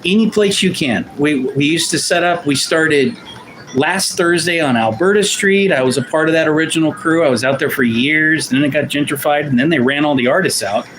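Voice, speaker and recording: A man's voice: a little high, brisk, a bit bright, a little hiss or hum, rough recording. A man from Portland hosting a livestream, chatting casually with viewers in a rambling, self-deprecating way, often restarting his sentences. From Portland, Oregon, USA. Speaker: livestream host and artist.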